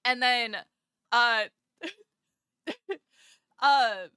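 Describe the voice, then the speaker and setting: A woman VTuber telling a story in casual livestream chat, animated and quick to laugh, at a desk mic at home. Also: a little high, smooth, no room sound, clean studio sound. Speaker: VTuber streamer.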